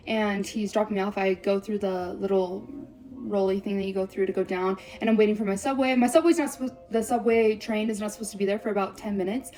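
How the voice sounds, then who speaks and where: A young woman telling a breakup story on a vlog, blunt and profane, swearing constantly in rapid run-on sentences. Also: medium pitch, fairly even intonation, mellow.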